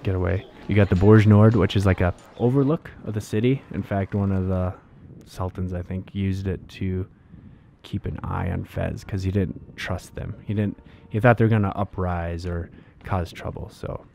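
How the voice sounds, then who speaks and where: A man's voice: low-pitched, steady tone, moderate pace, vocal fry, mellow, a little hiss or hum. A man casually recounting his travels as a vlogger, rambling with fillers and restarts. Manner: rambling, laid-back, many fillers and restarts.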